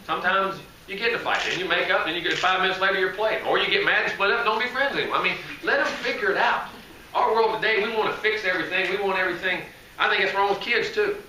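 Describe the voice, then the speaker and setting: A man's voice: high-pitched, animated, fairly quick, bright, forceful tone, far from the mic. A man, a head football coach answering press questions in a rambling, folksy, self-correcting way. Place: media day press room. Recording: echoey room, voice from afar, faint noise.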